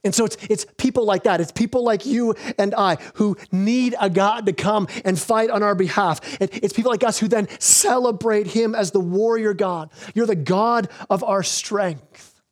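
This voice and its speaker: A man pastor preaching a sermon, earnest, slowing down on key words and often restarting phrases. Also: sits high. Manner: earnest preaching with repeated restarts, slows for emphasis.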